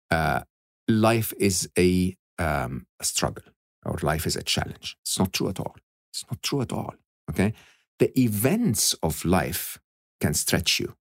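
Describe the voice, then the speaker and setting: A man talking as a podcast guest, animated and emphatic, often checking in with "okay?" and "hmm?". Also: deep voice, no room sound, clean studio sound. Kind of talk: reflective interview talk.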